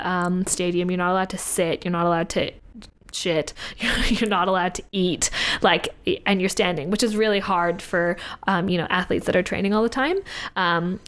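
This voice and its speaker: Chatty young woman telling a story. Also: medium pitch. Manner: animated, swears freely, many fillers. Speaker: guest, Olympic synchronised swimmer. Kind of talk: casual interview storytelling.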